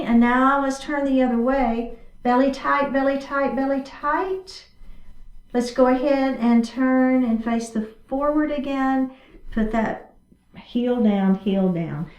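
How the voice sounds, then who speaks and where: A woman chair yoga instructor, cueing each movement step by step in an encouraging way during a guided class. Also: on the high side. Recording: echoey room from a distance.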